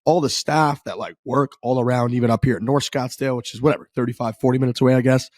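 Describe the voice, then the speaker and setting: A young man with a mid-pitched voice, chatting in a loose, laid-back way and filling the gaps with "like". The sound is dry and close, with no room echo. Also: fairly even intonation, quick pace, a little mellow. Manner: laid-back, rambling, lots of "like". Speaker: podcast co-host. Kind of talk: casual chat.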